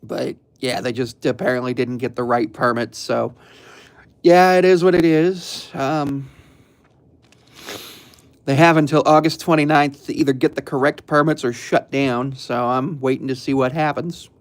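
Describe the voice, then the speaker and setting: Young male streamer, casual chat, rambling and relaxed, mid-range voice, lots of filler. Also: mid-range voice, a little slow. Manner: rambling, laid-back, frequent ums and chuckles.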